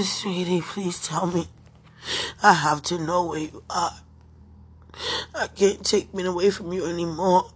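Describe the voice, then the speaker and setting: A tearful woman in an emotional spoken prayer, pleading in halting, repeated phrases. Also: medium pitch, slightly rough.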